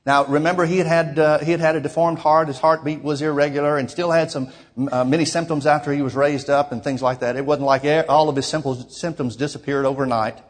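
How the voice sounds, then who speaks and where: A man's voice: fairly high pitch, steady tone, quick pace. A man preaching, retelling a story in a sermon with many quoted lines and frequent restarts.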